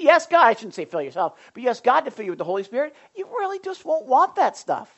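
Animated pastor preaching to a group. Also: male voice, extremely high pitch, fast, highs cut off. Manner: animated, shifts between loud emphasis and soft asides. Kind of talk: sermon to a small Bible study group.

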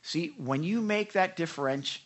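A pastor giving a conversational sermon, earnest and repetitive, who stops to act out prayers, sometimes in a whisper and sometimes in a loud cry. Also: mid-range voice, lively intonation, moderate pace.

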